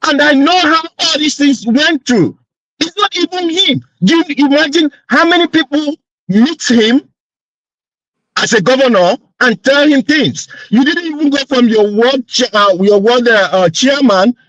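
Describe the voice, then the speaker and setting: A man's voice: very high voice, a little slow, fairly bright tone, no echo, poor audio. A man arguing insistently as a panelist in a heated online discussion. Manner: insistent, indignant.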